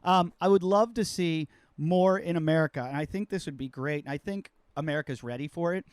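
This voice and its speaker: A man's voice: a little high, brisk, no room sound, clean studio sound. A man hosting a podcast as a comedian, telling rambling, self-mocking stories in casual chat.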